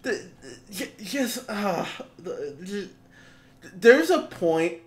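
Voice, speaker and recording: A man reviewing films on a movie podcast he co-hosts takes his time but stays very animated. His casual chat is exasperated, full of swearing and restarts, and he acts out quotes with high, mocking voices.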